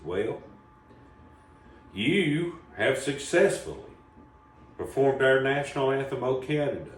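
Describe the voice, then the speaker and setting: A man, hosting a comedy show and telling a rambling, folksy story. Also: mid-range voice. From Southern Appalachia, US. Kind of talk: casual storytelling. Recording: echoey room, voice from a distance, faint background noise.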